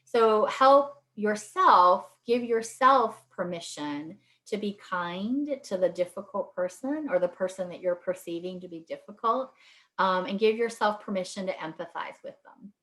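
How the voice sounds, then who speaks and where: A woman speaks to a group about handling hard conversations, in a relaxed and reassuring way. Her voice sits at a middle pitch. She often ends points with "right?" and briefly acts out what people might say. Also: unhurried. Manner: acts out short quoted lines with lifts in pitch. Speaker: speaker giving advice. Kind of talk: presentation to a group.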